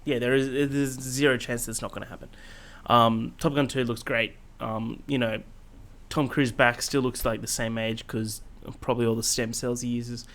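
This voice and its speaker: A man co-hosting a podcast in casual chat, eager and excitable, swearing for emphasis. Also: mid-range voice, normal speed. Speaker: podcast co-host.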